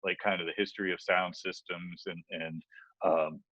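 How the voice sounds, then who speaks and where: A man's voice: sits low, flat delivery, normal speed, a bit bright, dry recording, lo-fi sound. A man co-hosting a podcast, chatting casually and rambling with many fillers and restarts. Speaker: podcast co-host. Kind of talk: casual chat.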